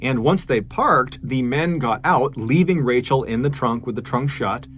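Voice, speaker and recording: Guy telling a true crime story on his podcast, chatty but serious, normal pitch. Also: a little slow, a bit bright, a little hiss or hum. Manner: conversational, earnest retelling. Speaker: podcast host.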